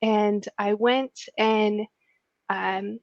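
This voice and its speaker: A woman's voice: medium pitch, fairly even intonation, extremely slow, vocal fry, no echo. A woman guest in a casual interview, giggly and friendly, telling rambling stories. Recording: dull lo-fi dry sound.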